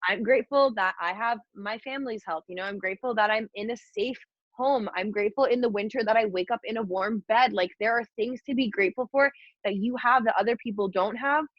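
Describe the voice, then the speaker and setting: A woman's voice: a little high, a little fast, dry recording, dull audio. A young woman talking candidly and casually on a group video call, swearing freely as she gives life advice. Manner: chatty and candid, swears freely, acts out inner voices. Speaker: guest mentor.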